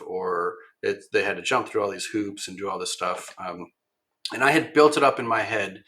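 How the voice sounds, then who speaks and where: A man talking as a podcast guest in casual storytelling style, rambling with many ums and restarts and turning animated when he quotes other people. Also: on the low side. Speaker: podcast guest, machine shop owner.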